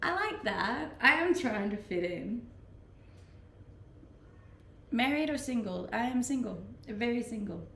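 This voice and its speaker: A woman's voice: a little high, lively intonation, a little slow, creaky, long pauses, a bit bright, slight background noise. A young woman from Scandinavia with a Scandinavian accent, chatting playfully with her viewers as a streamer and laughing often. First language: Scandinavian language. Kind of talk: casual chat reading out viewer messages. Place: Australia, Gold Coast. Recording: echoey room.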